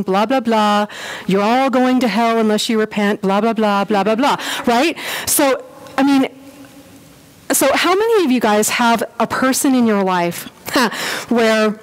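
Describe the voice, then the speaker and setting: A woman giving a casual church history class, chatty and animated, with lots of fillers and quick acted-out quotes. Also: a little high, low-quality recording.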